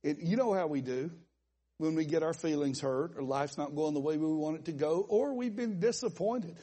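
Southern preacher guy, high voice, bit husky, folksy and animated, lots of asides. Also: moderate pace. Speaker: pastor. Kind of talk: sermon. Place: church conference hall.

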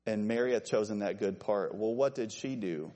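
A man preaching an evening sermon, animated and joking with listeners he calls by name. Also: normal speed. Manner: animated, jokey asides to named listeners, lively pitch swings.

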